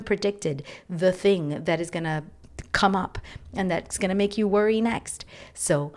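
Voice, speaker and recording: Woman, low voice, earnest podcast host, repeats phrases, drops to near whisper. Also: normal speed, a little mellow. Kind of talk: personal reflective podcast talk.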